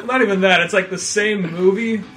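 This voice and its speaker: A man's voice: high voice, fairly bright tone. A man hosting a podcast, riffing in a rambling, laughing casual chat. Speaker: podcast host.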